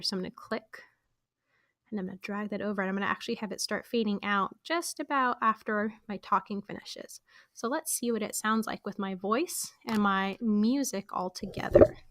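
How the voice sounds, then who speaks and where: This woman has a mid-range voice, recorded dry with clean studio sound. She's a teacher casually demonstrating podcast editing on a screen recording, going through each step and using friendly filler words.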